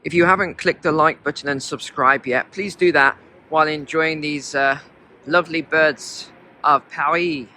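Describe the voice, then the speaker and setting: A man's voice: on the high side, steady tone, normal speed, background noise. A man talking to his viewers in a chatty way as he films a walk through city streets in the snow. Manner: chatty, talks to viewers while walking. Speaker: vlogger. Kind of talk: walking travel vlog commentary.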